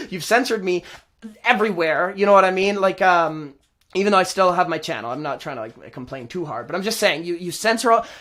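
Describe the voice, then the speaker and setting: A man's voice: sits high, fairly bright tone. A man hosting his own vlog, talking casually and rambling, repeating himself and laughing often. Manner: rambling, repetitive, frequent laughs. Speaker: host.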